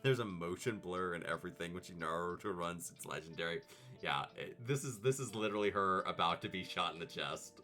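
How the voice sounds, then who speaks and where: A man streaming comedic movie commentary, animated, profane and sarcastic. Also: deep voice, a little fast, soft background music.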